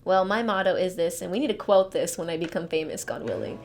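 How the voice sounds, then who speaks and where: A woman's voice: on the low side, fast. Bubbly young woman chatting. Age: 20s. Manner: bubbly, laughs easily. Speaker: podcast guest, singer. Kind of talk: casual chat.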